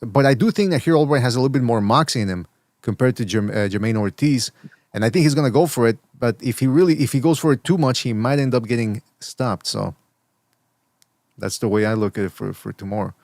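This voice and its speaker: A man's voice: mid-range voice, fast talker, darkish tone, dry recording, clean studio sound. A man hosting a boxing podcast, chatting casually and rambling, with lots of repeated words and restarts. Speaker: podcast host.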